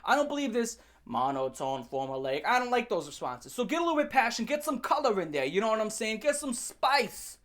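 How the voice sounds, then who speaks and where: A woman's voice: fairly high pitch, very animated, brisk, hardly any pauses. A woman ranting in commentary, heated and mocking, rambling with many restarts. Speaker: commentary ranter. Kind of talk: rant commentary.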